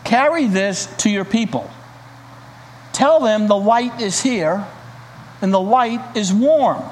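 A man voicing a calm male stranger who brings fire, speaking in a gentle, inviting way. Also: high-pitched, takes it slowly. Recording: reverberant hall, faint hiss.

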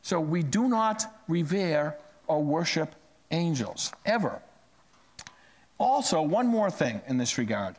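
A middle-aged pastor's fairly high voice swings widely in pitch as he delivers a sermon a little slowly, in a chatty storytelling manner. He goes quiet for asides and swells on points of emphasis.

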